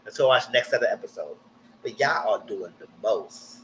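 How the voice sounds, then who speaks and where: A man giving a blunt, slangy live recap of a TV show, jumping up high in pitch when he quotes people. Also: brisk, a little hiss or hum, low-quality recording. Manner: animated, jumps high when quoting people. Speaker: TV recap streamer. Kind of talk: live casual TV recap commentary.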